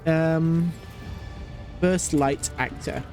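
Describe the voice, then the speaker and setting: A man's voice: on the high side, fairly even intonation, very slow, a little mellow, soft background music. A man streaming a game, chatting casually, ranting and laughing often. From Britain. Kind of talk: casual chat while playing.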